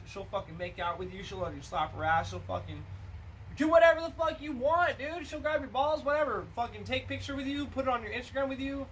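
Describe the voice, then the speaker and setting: High, bright-voiced crude storyteller man. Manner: crude, rambling storyteller who swears a lot. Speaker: podcast co-host. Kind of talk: casual stoner chat. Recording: distant mic with faint noise.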